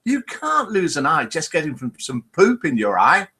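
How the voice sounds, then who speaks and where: A man reading out a joke who voices a friendly adult bartender, asking questions in a high, incredulous tone. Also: wildly swooping pitch, moderate pace, sharp tone, husky, heavily acted.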